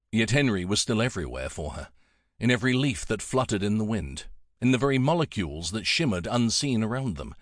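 Low-voiced expressive male audiobook narrator. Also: no echo, clean studio sound. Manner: expressive, measured. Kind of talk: scripted narration.

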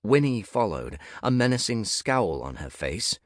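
A man with a very deep voice narrates a fantasy audiobook in the first person at an unhurried pace. His intonation is lively and expressive. The sound is close and dry, with no room around it. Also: no echo. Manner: measured, expressive storytelling.

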